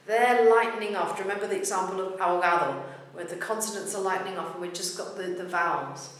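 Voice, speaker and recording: A woman teaching pronunciation in a patient, measured way, slowing down to demonstrate words. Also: on the low side. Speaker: language teacher. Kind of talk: explanatory lesson. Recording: very echoey room, voice from far off.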